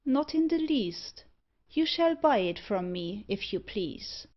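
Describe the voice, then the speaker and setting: A suave, mocking gentleman tempter with something devilish about him, as a woman reads him aloud in an audiobook. He speaks slowly and deliberately at a middling pitch. The recording is a little dull and lo-fi. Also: very animated. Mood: coaxing.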